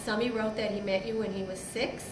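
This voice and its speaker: A middle-aged woman giving an informal birthday toast to her father, halting and giggling, with many fillers. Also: medium pitch, fairly even intonation. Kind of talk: informal party speech. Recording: echoey hall, far mic, loud crowd noise.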